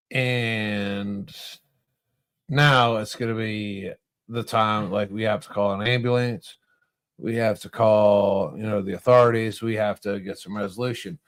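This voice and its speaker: A man's voice: lowish voice, dry recording. Profane, storytelling man hosting a bar chat. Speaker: podcast host. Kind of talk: casual bar-show banter.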